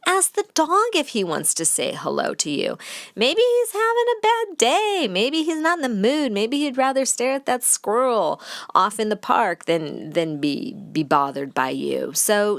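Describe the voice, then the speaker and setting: A woman dog trainer giving casual advice in a podcast, talking bluntly and teasing her listeners, with lively jumps in pitch. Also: no room sound, studio quality. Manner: chatty and blunt, with playful teasing; animated, with lively shifts in pitch.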